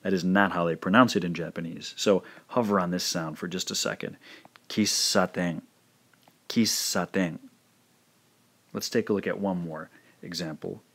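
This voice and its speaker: Guy teaching a language lesson, slightly low voice, slow and careful, says words over and over. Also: fairly even intonation, gravelly. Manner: slow, careful, repeats pronunciations. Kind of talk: recorded lesson narration.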